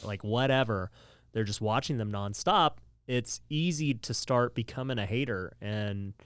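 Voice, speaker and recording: A man's voice: lowish voice, clear, resonant tone, no room sound, clean studio sound. An easygoing man in his thirties hosting a casual interview, agreeable and chatty. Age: 30s. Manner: easygoing, agreeable, says dude a lot. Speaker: podcast host.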